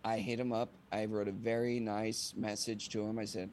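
A young man, a singer-songwriter guest on a podcast, telling a casual anecdote in an animated way and acting out the dialogue. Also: lowish voice, normal speed, a little hiss or hum. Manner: animated, acts out quoted dialogue.

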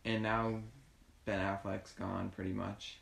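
A man's voice: low voice, flat delivery, unhurried, vocal fry, a bit bright, a little hiss or hum. A man co-hosting a casual movie chat, rambling and correcting himself as he talks. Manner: rambling, laughing, self-correcting. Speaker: podcast co-host. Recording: echoey room.

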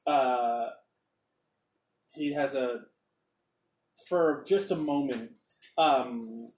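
A man's voice: mid-range voice, very slow, darkish tone, far from the mic. A man narrating as game master in a rambling, hesitant way. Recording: roomy echo, off-mic.

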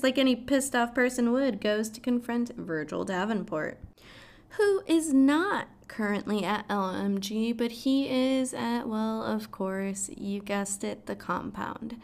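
A woman casually recapping a show's plot, swearing freely and adding dramatic asides. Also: on the high side. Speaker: show recap vlogger.

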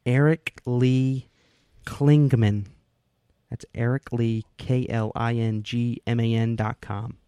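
Gravelly-voiced man co-hosting a podcast. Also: mid-range voice, completely flat delivery, unhurried, hardly any pauses, mellow, no room sound, studio quality. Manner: reads listener mail, laughs often. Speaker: podcast co-host. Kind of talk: casual chat.

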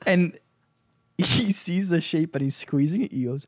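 A man's voice: sits high, moderate pace, dry recording. A man co-hosting a podcast, telling stories in casual chat, acting out quoted lines with frequent laughs. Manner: animated storyteller, acts out quotes, laughs often. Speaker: podcast co-host.

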